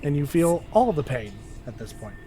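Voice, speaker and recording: A man's voice: on the high side, very animated, normal speed, mellow, soft background music. A man narrating a tabletop game as game master, in a casual, hesitant way.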